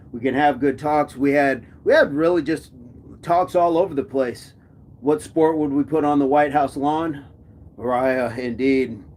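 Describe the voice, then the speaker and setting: A man's voice: a little high, slight background noise. A man from the United States hosting a live stream chat, playful, laughing often and repeating his phrases as he reads comments.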